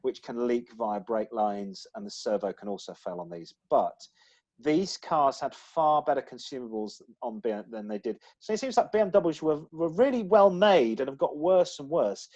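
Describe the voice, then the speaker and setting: A man's voice: medium pitch, expressive, moderate pace, a little mellow, muffled recording. A man co-hosting a casual podcast, talking in a chatty, rambling way with frequent restarts. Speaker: podcast co-host. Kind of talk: casual chat.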